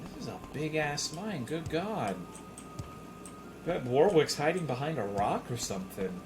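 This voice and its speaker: A man's voice: a little high, sing-song, measured pace, music in the background. A man streaming a video game, chatting casually with his viewers in profane, joking banter. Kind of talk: casual chat with viewers while gaming.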